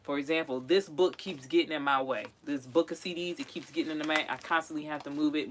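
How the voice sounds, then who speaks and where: Sorting through old belongings in her tiny home on wheels, a Philadelphia woman vlogs a chatty, animated casual talk, now and then singing bits of songs. She speaks low-pitched and fast with few pauses, over a little hiss or hum.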